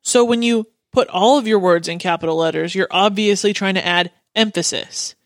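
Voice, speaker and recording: A woman's voice: mid-range voice, normal speed, no echo. Opinionated woman in dry podcast chat. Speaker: podcast co-host. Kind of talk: casual chat.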